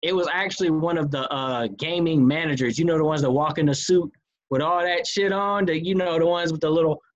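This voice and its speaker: A man in a casual group chat, telling stories with animated acted-out quotes. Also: fairly high pitch, fairly quick, highs cut off. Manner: animated storyteller, acts out quotes.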